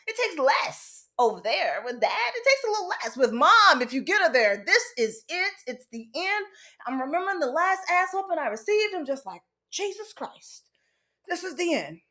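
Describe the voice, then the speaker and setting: A woman with a fairly high voice recounts a personal story. Her pitch swoops and jumps as she talks, and she speaks with candid, casual frankness, swearing now and then. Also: big pitch swings, a little fast, sharp tone. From United States. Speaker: podcast host.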